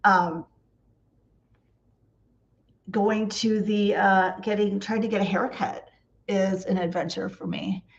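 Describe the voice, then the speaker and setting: A woman vlogger tells stories in a casual, chatty way, acting out the voices in each exchange and laughing often. Her pitch sits mid-range for a woman. The recording is slightly dull, with a lo-fi edge. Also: steady tone, slow, gravelly, long pauses. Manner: chatty, laughs often, acts out quoted dialogue. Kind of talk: casual storytelling.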